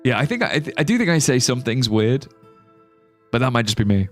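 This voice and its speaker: Brief: British male streamer, animated and jokey, easy casual chat. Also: mid-range voice, brisk, soft background music. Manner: chatty, joking, reads chat aloud. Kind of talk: casual live gameplay chat.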